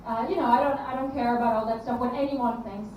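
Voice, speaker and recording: A high-pitched young woman doing stand-up comedy in a club, chatty and self-deprecating, with lots of ums and restarts. Her voice reaches the mic from a distance and echoes around a big room, with an audience murmuring and a faint hiss behind her. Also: steady tone, fast, highs cut off. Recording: echoey room, mic heard from afar, crowd.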